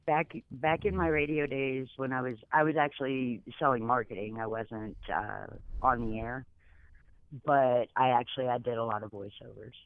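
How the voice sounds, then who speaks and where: A man's voice: mid-range voice, fairly even intonation, moderate pace, no room sound. A man co-hosting a casual talk show, easygoing and agreeable, heard over a phone line. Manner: easygoing, agreeable, chuckling along. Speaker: co-host.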